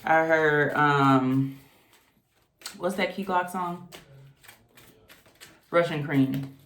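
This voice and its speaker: A woman's voice: low voice, drawn-out words, fairly bright tone. A woman casually reading tarot cards, chatty and exclamatory. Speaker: tarot reader. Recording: echoey room.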